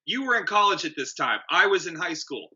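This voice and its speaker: A man in his late thirties trades blunt, profane takes in a casual movie review chat. His voice is piercingly bright and tense, with lively swings in pitch, and the recording sounds dull and lo-fi. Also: fairly quick. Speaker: podcast co-host.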